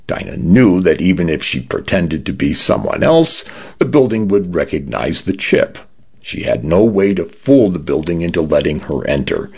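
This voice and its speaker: A man narrating a story in a steady, expressive reading. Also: sits low, gravelly, breathy edge, muffled recording.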